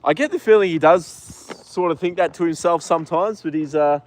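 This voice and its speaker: A man, stuffy from a cold, hosts a relaxed live stream outdoors at a horse paddock, reading comments and talking to his horse. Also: on the high side, moderate pace. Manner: relaxed, chatty, talks to the horse between comments. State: congested from a cold.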